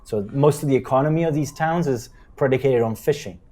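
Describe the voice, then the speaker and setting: A man's voice: medium pitch, a little fast, a little mellow. Casual male game master narrating. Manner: casual, improvising with fillers.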